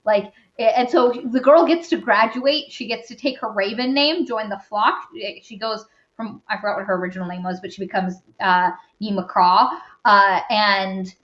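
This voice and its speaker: A woman's voice: medium pitch, moderate pace, fairly bright tone. Podcast co-host, woman, casual rambling recap with fillers, roomy and lo-fi. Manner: rambling retelling full of fillers and asides. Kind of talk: casual book-review chat. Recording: roomy dull lo-fi recording.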